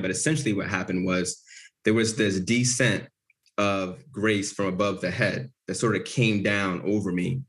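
A man's voice: on the low side, a bit bright. A man as an interview guest, telling a personal story in an earnest, vivid way.

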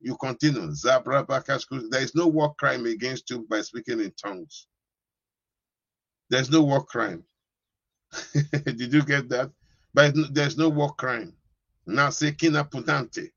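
A man's voice: medium pitch, a little slow, pauses often, dry recording, dull audio. A man preaching a sermon as pastor, giving commands to the congregation and breaking into speaking in tongues.

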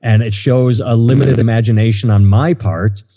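This American podcast host, a middle-aged man, has a mid-range, dark-toned voice with fairly even intonation at a normal speed. He rambles casually, hesitating and using many fillers, and the audio is dull and lo-fi with room reverb.

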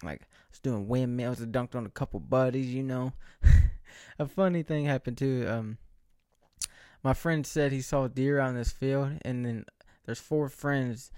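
Here a late-twenties male vlogger rambles self-mockingly, breaking off and starting over again and again in a casual monologue under bright indoor lights. He speaks a little slowly in a clear, resonant, darkish mid-range voice, captured dry with clean studio sound.

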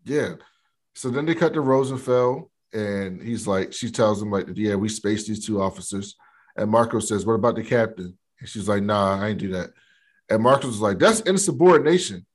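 A man's voice: fairly low pitch, normal speed. A man in a casual podcast chat, retelling a TV episode in slangy speech, quoting the characters' lines. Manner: slangy, retells scenes with quoted dialogue. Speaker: podcast co-host.

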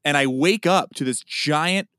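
A man co-hosting a podcast, chatting casually in a smooth, resonant voice set a little higher than most men's. He tells stories with animated flair and bursts into loud, acted-out exclamations. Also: a little slow. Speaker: podcast co-host. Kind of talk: casual chat.

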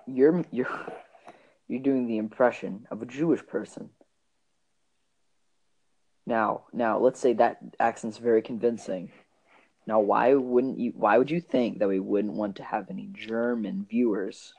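Mellow-voiced man teasing his co-host. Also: fairly low pitch, fairly even intonation, creaky, dull audio. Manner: quizzing, stammering, quick to laugh. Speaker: podcast co-host. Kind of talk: casual comedy chat.

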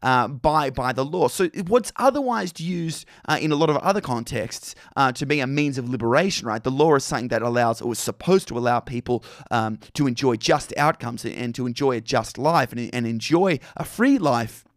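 A man's voice: mid-range voice, animated, normal speed, few pauses, no echo. Dry, close Australian man musing on film. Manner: thoughtful, many fillers and restarts. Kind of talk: film discussion monologue.

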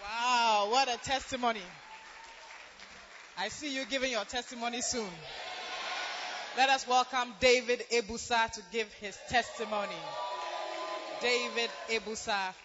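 A man with a very high voice calls testifiers up to the front, loud and rousing. A lively congregation and background noise sit under a dull, muffled sound. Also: unhurried, pauses often. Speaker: church service host. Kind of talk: calling up speakers to a crowd. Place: church hall with congregation. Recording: dull sound over a noisy crowd.

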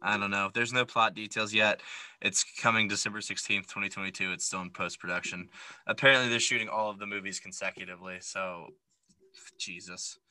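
A man co-hosting a movie podcast, talking in a very bright, forward voice. The sound is close and dry with no room around it. He is opinionated and animated, with plenty of ums and likes. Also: lowish voice, a little fast, no room sound, low-quality recording. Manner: opinionated, animated, lots of fillers. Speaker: podcast co-host. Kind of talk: casual movie recap chat.

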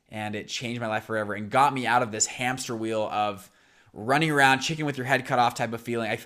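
Raspy-voiced young man telling a story. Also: mid-range voice. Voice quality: raspy, scratchy throat. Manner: animated, rambling storyteller with restarts. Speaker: podcast host. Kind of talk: casual storytelling monologue.

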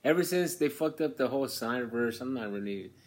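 A man in a casual movie chat, animated and ranting, with heavy swearing. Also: medium pitch, fairly quick. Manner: animated, swears heavily, rants.

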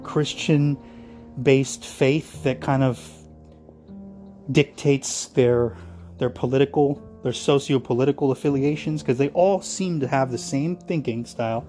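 A man's voice: medium pitch, dark tone. A man from Virginia hosting a solo podcast, ranting in a heated, sarcastic, profane way. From United States (Virginia). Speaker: podcast host.

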